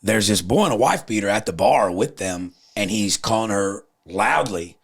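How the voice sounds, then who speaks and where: A man in his thirties, a podcast host and comedian, telling crude stories in an animated, profane way. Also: fairly low pitch, normal speed, breathy edge. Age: 30s. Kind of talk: casual chat.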